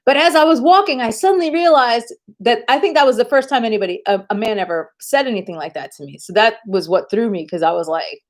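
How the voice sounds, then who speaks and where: A woman's voice: a little high, quick pace, few pauses. Brash, laughing woman telling stories. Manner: profane, animated storytelling with frequent laughs. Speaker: livestreamer. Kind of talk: casual live-stream chat and storytelling.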